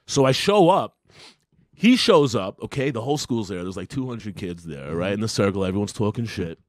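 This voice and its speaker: A young adult man, a comedian co-hosting a podcast, telling a story casually, swearing a lot and jumping into loud impressions of the people in it. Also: fairly low pitch, lively intonation, normal speed, dry recording, studio quality. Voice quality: profane, wisecracking delivery. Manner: acts out quoted lines in a jumped-up loud voice.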